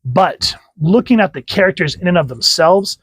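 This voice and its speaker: A man's voice: high-pitched, lively intonation, moderate pace, fairly bright tone, husky, no room sound, poor audio. A man reviewing a comic book in a casual, chatty way, often restarting his phrases. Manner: chatty, restarts phrases, reads panels aloud.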